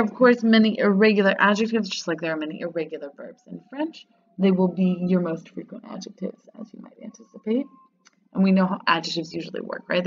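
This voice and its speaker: A woman teaching a grammar lesson in a lower-pitched voice. She stays upbeat and patient, slowing down to repeat words. The recording sounds dull and lo-fi. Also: a bit bright. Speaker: French teacher.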